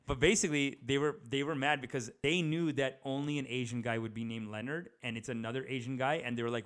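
A man's voice: medium pitch, fast, hardly any pauses, a bit bright. Rambling self-mocking male comedian. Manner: loose, self-mocking, rambling with many restarts. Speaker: comedian and podcast host. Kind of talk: rambling stand-up podcast chat.

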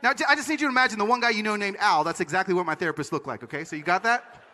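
A man giving a conference talk, telling stories in an animated, comic way. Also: high voice, very fast, a faint crowd. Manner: animated, comic, acts out voices. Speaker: conference speaker. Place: conference stage. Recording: large hall reverb.

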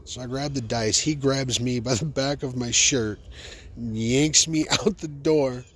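A man hosting a podcast, telling funny personal stories in an animated, joking, self-amused way. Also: medium pitch, measured pace, a little hiss or hum. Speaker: podcast host. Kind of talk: comic personal storytelling.

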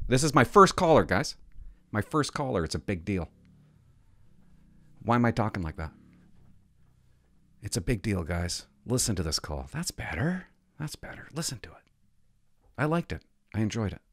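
With a lowish voice captured at studio quality and no echo, an older retiree talks loosely to his camera. He's a vlogger who plays hotline calls, and he stumbles over his words and curses from time to time.

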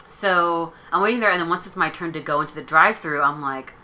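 A woman's voice: fairly low pitch, a little fast, bright, forceful tone, slight background noise. A young woman co-hosting a podcast, telling a story in a chatty way full of "like". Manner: chatty, filler-heavy storytelling with lots of "like". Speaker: podcast co-host. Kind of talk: casual storytelling chat.

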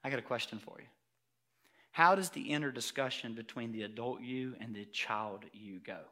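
A man preaching a sermon emphatically and loudly, repeating words for emphasis. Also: medium pitch, moderate pace. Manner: emphatic, loud, repetitive preaching.

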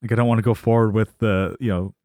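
Brief: male podcast co-host, low voice, dry close mic, animated sitcom recap with quoted voices. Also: fast, no echo. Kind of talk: casual chat recapping a sitcom episode.

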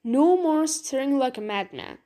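A woman's voice: high voice, animated, a little slow, mellow. A woman voicing a practical male farrier, blunt and dismissive.

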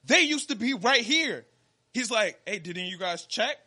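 A young man's high, very bright voice carries a lively story. As a podcast co-host he jumps into the dialogue and acts out each line. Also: a little slow, slightly rough. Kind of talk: casual storytelling chat.

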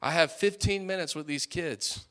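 A man in his late twenties preaching a sermon with fiery, rising peaks and quieter storytelling asides. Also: a little high, normal speed. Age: late 20s.

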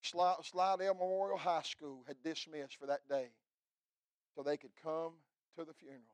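A middle-aged man preaching a fiery revival sermon, swinging from loud cries to hushed telling. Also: a little high, steady tone, moderate pace, no room sound. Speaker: pastor.

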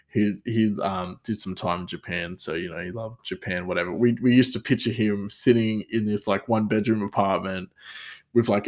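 A young man casually telling a story from his kitchen job, laughing often and acting out the people he quotes. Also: on the low side. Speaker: cook telling a work story.

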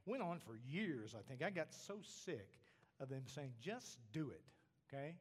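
High, lively preacher man. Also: moderate pace. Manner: animated preaching, drops to soft asides, repeats "okay?". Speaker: pastor. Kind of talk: sermon. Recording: long reverb of a large hall.

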